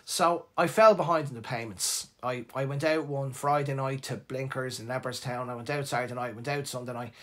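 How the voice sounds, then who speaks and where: A middle-aged Irish man from Dublin hosting a live show. He tells a personal story in a casual, animated and emotional way, with lots of restarts. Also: mid-range voice, brisk, few pauses. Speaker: host.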